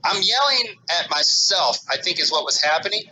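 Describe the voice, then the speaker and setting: A man co-hosting a podcast, telling a rambling casual story and loudly acting out his own panicked remarks. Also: high-pitched, animated, moderate pace, rough recording. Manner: rambling with many restarts and "like". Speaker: podcast co-host.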